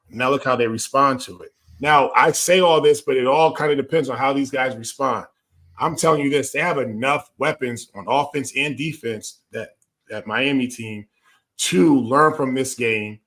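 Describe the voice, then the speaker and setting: A man's voice: medium pitch, fairly bright tone. Ex nfl guy ranting about football, keeps repeating himself to drive it home. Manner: emphatic, storytelling, repeats himself. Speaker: former NFL player, co-host. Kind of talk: casual sports talk.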